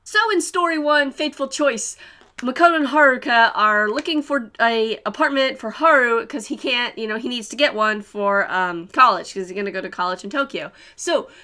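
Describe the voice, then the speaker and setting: A woman's voice: a little high, normal speed, sharp tone. A young woman giving a casual, rambling anime review, full of fillers and giggles.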